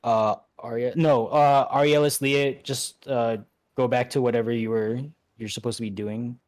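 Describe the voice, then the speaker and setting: A man leading an online game raid, giving relaxed instructions with many fillers and restarts. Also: mid-range voice, moderate pace. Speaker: raid leader. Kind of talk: casual instructions over voice chat.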